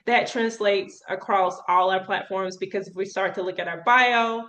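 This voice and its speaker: A woman's voice: medium pitch, steady tone, normal speed, a bit bright. A woman hosting an interview, speaking candidly and conversationally and laughing easily. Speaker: podcast host. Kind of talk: casual interview chat.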